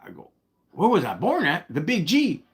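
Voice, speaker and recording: A man's voice: fairly high pitch, wildly swooping pitch, normal speed. A man from Los Angeles with a Chicano English accent, telling a story in a slangy, laid-back way on a live stream and breaking off to thank his viewers. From Los Angeles, United States. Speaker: livestream host.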